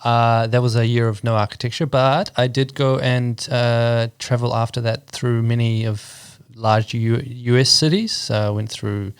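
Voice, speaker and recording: A man in his thirties from New Zealand with a New Zealand accent, a guest architect chatting casually in an interview with relaxed, hesitant speech full of ums. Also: mid-range voice, measured pace, few pauses, smooth, dry recording, studio quality.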